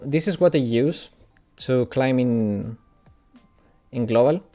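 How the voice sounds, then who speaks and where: Mellow Italian-accented man streaming games. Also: medium pitch, slow, soft background music. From Italy. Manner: chatty, answers viewers, laughs often. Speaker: gaming streamer. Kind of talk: casual live-stream chat.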